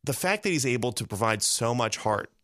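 A man's voice: mid-range voice, expressive, a little fast, a bit bright, no room sound, studio quality. A man co-hosting a casual comedic podcast chat, rambling and mock-earnest. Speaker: podcast co-host.

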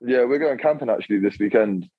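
A man's voice: medium pitch, quick pace, no room sound, narrow, tinny audio. A young man, chatting as a podcast guest in a laid-back, rambling way. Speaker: podcast guest, clothing creator. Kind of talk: casual chat.

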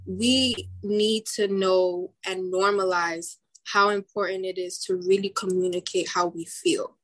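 A woman's voice: medium pitch, steady tone, unhurried, a bit bright. Brief: young adult woman, podcast co-host, earnest and reflective, casual chat. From Dominican heritage. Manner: earnest, reflective, many likes and restarts.

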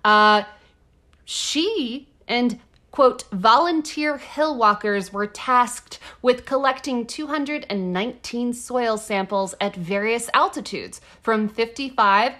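A woman co-hosting a chatty podcast with a fairly high voice. She jokes sarcastically and swears casually. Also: slow, sharp tone. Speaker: podcast co-host. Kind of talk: casual chat.

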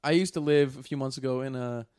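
Fast, profane young-sounding man telling a story. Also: medium pitch, a little mellow, smooth. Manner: rambling, profane, lots of fillers. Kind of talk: casual podcast chat.

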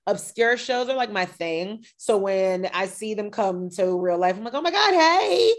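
A woman's voice: mid-range voice, normal speed. A woman hosting a podcast, chatting casually and gossiping with lots of energy. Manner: animated, gossipy, shifts into mock voices. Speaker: podcast host. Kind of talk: casual chat.

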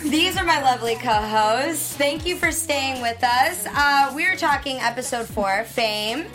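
A woman hosting a casual studio panel chat, bubbly and quick to laugh. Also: sits high, lively intonation, music in the background. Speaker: host.

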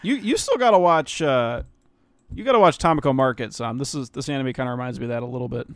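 Slangy, excitable male podcast co-host. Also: mid-range voice, fast, dry recording. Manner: enthusiastic, slangy, jokey. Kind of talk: casual podcast chat.

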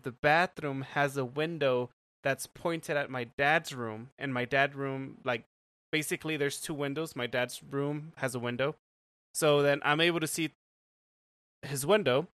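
A man's voice: mid-range voice, a bit bright, smooth, no room sound. A young man telling a story on a casual podcast chat, rambling with lots of "like" fillers and frequent laughs. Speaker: podcast co-host.

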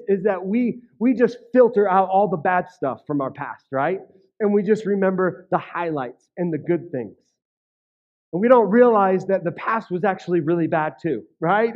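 A man's voice: high voice, lo-fi sound. A male pastor preaching a sermon in a conversational way, often checking in with "right?" and repeating words as he starts a thought. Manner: conversational, frequent "right?" and "okay?" asides.

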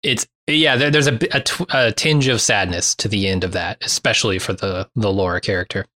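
Male podcast co-host, low pitch, bright, tense tone, opinionated and loose. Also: a little fast. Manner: opinionated, laughs easily. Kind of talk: casual film discussion.

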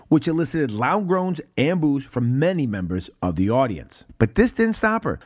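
A man's voice: mid-range voice, no echo. A man telling a profane, sarcastic story as a podcast host, recorded close on a mic. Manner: animated, heavy cursing, sarcastic.

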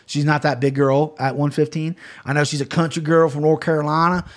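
A man's voice: on the high side, flat delivery, a little fast. A man hosting a podcast, chatting casually in a rambling, profane way. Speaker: podcast host. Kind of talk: casual chat.

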